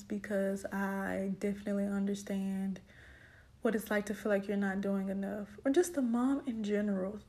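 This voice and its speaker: Young mom talking about raising her kid alone, gets emotional, acts out what she was thinking. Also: mid-range voice. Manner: emotional, animated reenactments of her own thoughts. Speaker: single mother and autism advocate. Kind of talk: personal testimonial.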